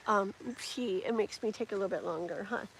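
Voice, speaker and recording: Live tarot streamer, woman, mid-pitched, chatty and rambling, faint background hiss. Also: a little fast, low-quality recording. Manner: chatty, rambling, many fillers. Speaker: tarot reader.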